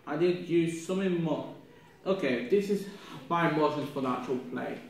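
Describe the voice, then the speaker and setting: A young man, a drama student, reflecting aloud on his performance in a halting, rambling way with many restarts, sounding ill with a cough. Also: fairly high pitch. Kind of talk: spoken self-reflection. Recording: echoey room from far off, faint noise.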